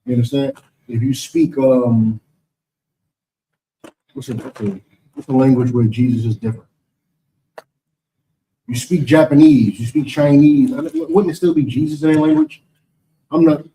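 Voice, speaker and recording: A man's voice: mid-range voice, very animated, moderate pace, creaky, pauses often, mellow, recorded from a distance, slight background noise, poor audio. A man with an American accent teaching and answering questions in a preaching session, emphatic and rhetorical, often asking "you understand?".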